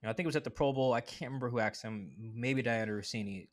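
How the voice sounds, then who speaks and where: A man talking as a guest on a sports podcast, in a casual, animated way full of asides and "like" fillers. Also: medium pitch. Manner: animated, quick asides, acts out quoted voices; conversational with frequent "like" fillers.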